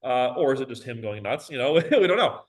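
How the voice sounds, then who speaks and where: A man's voice: medium pitch, animated, brisk, rough recording. A male teacher giving a recorded lecture on a poem, talking casually with many fillers and reading verse aloud with drama.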